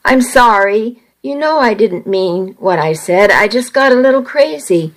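A woman's voice: mid-range voice, expressive, a little slow, close to an everyday voice. A woman reading the lines of a young boyfriend who flares up and then makes amends, in her plain reading voice. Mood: apologetic. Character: young adult man, boyfriend, hot-tempered then tender.

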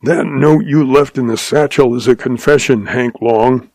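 A fat, greedy banker snarls and rasps his threats, as a man puts him on. His gravelly voice stays close and dry. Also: mid-range voice, measured pace, a little mellow, no room sound. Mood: snarling. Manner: snarling, rasping.

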